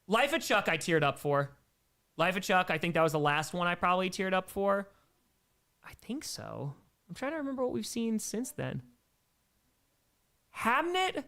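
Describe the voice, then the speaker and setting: A man with a slightly raised, light voice hosts a relaxed livestream Q&A. He talks in a loose, rambling, enthusiastic way and stops now and then to thank donors before carrying on. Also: high voice, moderate pace, pauses often. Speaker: livestream host answering viewer questions. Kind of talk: casual chat.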